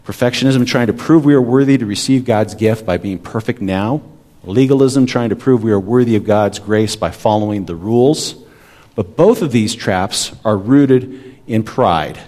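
A man's voice: fairly low pitch, moderate pace, dark tone. A man in his forties, a pastor, preaching a sermon in a conversational way and often checking in with the congregation.

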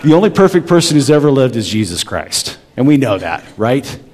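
A man's voice: mid-range voice, sing-song, fairly quick, a little mellow, a faint crowd, a little hiss or hum. A man in his forties, a pastor, preaching a sermon in a conversational way and often checking in with the congregation.

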